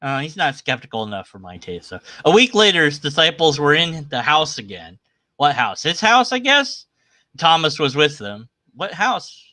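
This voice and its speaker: A man's voice: a little high, big pitch swings, moderate pace, sharp tone, dry recording. A man giving casual, sarcastic commentary as he reads scripture aloud at his computer. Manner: sarcastic, irreverent. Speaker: atheist commentator. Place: at his computer sharing his screen.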